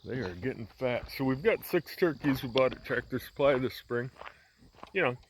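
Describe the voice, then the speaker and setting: A male farmer vlogger, mid-range in pitch and moderate in pace, walks outside filming on a handheld camera and chats casually about farm chores. A little hiss or hum is present, and his rambling, relaxed narration has many fillers and restarts.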